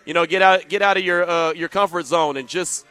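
A man's voice: on the high side, a little fast, bright, forceful tone, clear, resonant tone, soft background music. A man hosting a sports talk radio show, chatting casually with joking asides.

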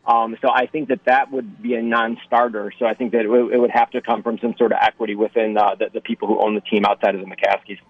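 A man's voice: on the low side, level tone, fast, hardly any pauses, dry recording. A man as a guest sports reporter on a radio show, talking hesitantly and repeating his words. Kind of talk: remote radio interview. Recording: dry, dull remote line.

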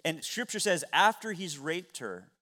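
A man pastor preaching a sermon, retelling a story with dramatic swings between loud and soft. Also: fairly high pitch, sing-song, measured pace.

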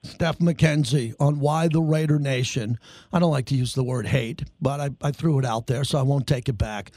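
A man hosting a sports radio show, questioning his guest in an energetic, conversational way. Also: mid-range voice, normal speed, dry recording.

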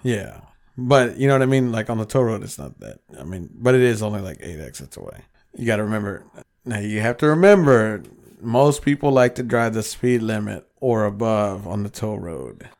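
A man co-hosting a podcast, telling stories in a casual, profane, animated way and acting out quotes. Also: lowish voice, normal speed, creaky. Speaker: podcast co-host. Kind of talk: casual chat.

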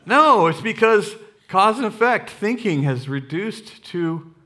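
Middle-aged guy preaching at church on a stage mic, kinda high bright punchy voice, jokey and lively, says things twice for emphasis. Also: takes it slowly, slight background noise. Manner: lively, joking, repeats lines for emphasis. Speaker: guest speaker. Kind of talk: sermon. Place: church sanctuary. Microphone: stage microphone.

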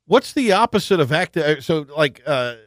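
On a sports talk radio show, the host, a man with a slightly high voice, jokes around animatedly with his co-host. The sound is clean and studio-recorded without echo, and he often breaks off and restarts what he's saying.

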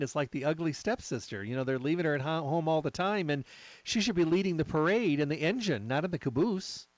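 A middle-aged man hosting a supplement talk, telling stories in a chatty, lively way. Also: a little high, no room sound, poor audio. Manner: chatty storyteller, lively asides. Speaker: health supplement talk host. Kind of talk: casual monologue.

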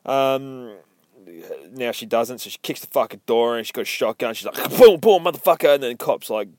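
A man's voice: medium pitch, steady tone, moderate pace, no echo, studio quality. A man, casually recapping a comic book in a rambling, profane, joking way.

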